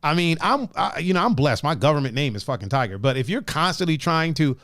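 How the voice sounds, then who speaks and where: A man hosting a podcast in casual chat, animated and profane, laughing often. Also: on the high side, quick pace, no room sound, studio quality. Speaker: podcast host.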